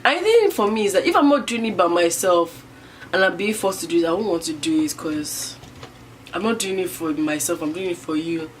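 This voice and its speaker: A young woman from Niger telling a personal story to camera in a rambling way, full of fillers. She swings from loud bursts to hushed near-whispers. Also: lowish voice, animated, fairly quick, a little hiss or hum. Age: young adult. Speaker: vlogger.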